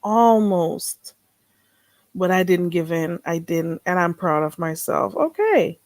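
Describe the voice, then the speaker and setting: A woman's voice: mid-range voice, no echo. A woman vlogger in casual solo chat, chatty and self-mocking, talking half to herself.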